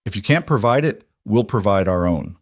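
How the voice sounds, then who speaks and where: A man's voice: lowish voice, expressive, normal speed, dry recording, studio quality. A man voicing a determined homesteader who speaks with grim urgency. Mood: urgent.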